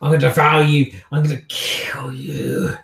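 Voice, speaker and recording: A man's voice: on the high side, flat delivery, normal speed, creaky, fairly bright tone, echoey room. A man voicing a ravenous male vampire monster in a tabletop game. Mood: menacing.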